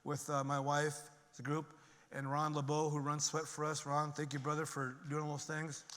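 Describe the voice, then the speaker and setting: A man's voice: completely flat delivery, normal speed, fairly bright tone. Middle-aged man on a stage, earnest emphatic testimony, ringing reverb of a large hall. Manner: earnest and emphatic, climbing in pitch and volume when stirred. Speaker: conference speaker. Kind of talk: personal recovery testimony to an audience.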